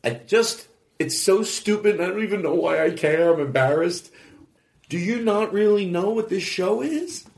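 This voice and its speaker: A man's voice: high-pitched, animated, moderate pace, vocal fry, darkish tone, reverberant. A man hosting a comedy show with exasperated, ranting banter. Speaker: podcast host.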